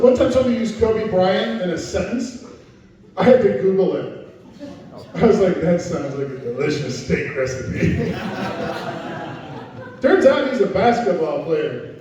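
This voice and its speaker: A man's voice: sits high, lively intonation, measured pace, pauses often. Middle-aged man, stand-up crowd work. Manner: self-deprecating, chatty banter with the audience. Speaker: stand-up comedian. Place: comedy night venue with a live audience. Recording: echoey room, distant muffled mic.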